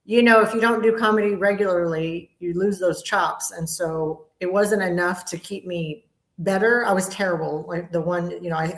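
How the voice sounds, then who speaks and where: A woman's voice: lowish voice, echoey room. A woman in her fifties, a comedian guest telling candid stories in a casual interview chat. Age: 50s. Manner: candid, storytelling, upbeat.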